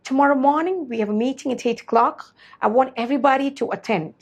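A woman's voice: high-pitched, fast talker, husky, highs cut off. A woman putting on a heavy-accented announcer. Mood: announcing. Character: adult speaker announcing a meeting in a heavy accent.

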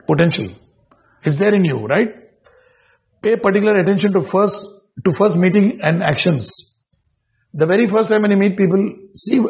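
A man delivers a corporate training lecture, his voice sitting a little high and carrying a gravelly rasp. He checks in with his listeners through rhetorical questions and often restarts his phrases. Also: a little mellow.

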